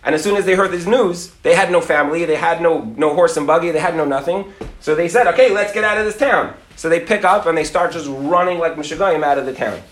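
Rabbi telling a story with voices; high-pitched man, room echo. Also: fast talker. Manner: acts out characters' voices, Yiddish and Hebrew words, laughs. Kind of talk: animated storytelling talk.

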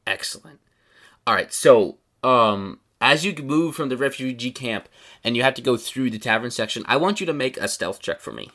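Bright-voiced rambling game master man. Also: mid-range voice, expressive, normal speed. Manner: rambling, descriptive, lots of "like". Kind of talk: narrating a tabletop game.

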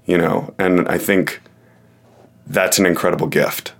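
A low-voiced man talks through ideas on a casual podcast. He hesitates and restarts his sentences, and he often makes fun of himself. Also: steady tone, measured pace, vocal fry.

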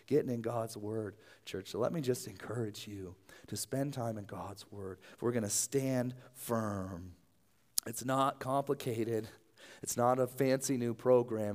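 Earnest conversational male pastor. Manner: earnest, conversational preaching, often drops to a soft low voice. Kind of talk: sermon.

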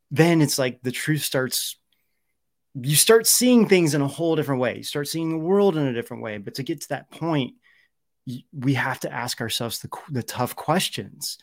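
A man's voice: medium pitch, no echo, clean studio sound. A young man hosting a live stream, talking casually and rambling with many fillers and restarts. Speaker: show host.

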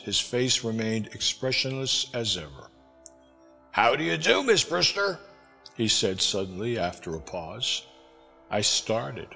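A man narrating an audiobook in a measured, expressive reading. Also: mid-range voice. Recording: reverberant with background music.

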